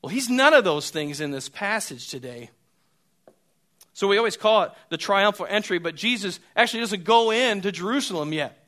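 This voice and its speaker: A man preaching a sermon, moving between quiet, hushed stretches and loud, raised passages, and often repeating a word as he restarts. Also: sits high, expressive, moderate pace. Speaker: pastor.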